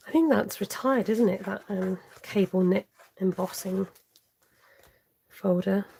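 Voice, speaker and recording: Gravelly-voiced woman crafting live. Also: mid-range voice, measured pace, mellow, slight background noise. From United Kingdom. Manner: chatty, talks to herself while working, with muttered half-whispered asides. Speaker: card-making demonstrator. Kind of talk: live-streamed craft tutorial.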